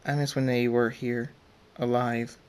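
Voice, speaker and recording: A shy, gentle pony girl speaks softly and plainly, as a man reads her lines in an amateur story. Nothing in the voice is heavily acted. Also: mid-range voice, level tone, unhurried, clean tone, natural voice.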